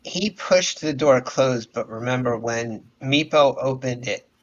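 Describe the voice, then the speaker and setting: A man acting as game master, narrating a tabletop game with measured, descriptive talk. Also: mid-range voice, lively intonation. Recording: dull lo-fi audio.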